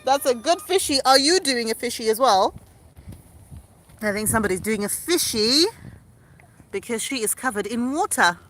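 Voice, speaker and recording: A woman's voice: a little high, lively intonation, normal speed, pauses often, fairly bright tone, a little hiss or hum. A woman, a mother, playfully teaching animal words to her small child at home in a sing-song, coaxing way. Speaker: mother and host of a kids' learning video.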